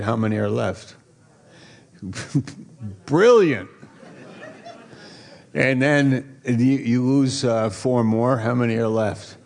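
A man preaching a sermon as pastor, stretching key words and quizzing his listeners playfully. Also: medium pitch. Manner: drawn-out emphasis on key words.

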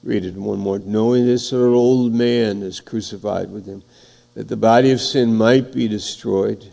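A man's voice: on the low side, steady tone, vocal fry, dark tone. A man preaching a sermon, reading scripture and building emphasis, his voice rising and falling. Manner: slow, emphatic preaching, voice swelling and dropping.

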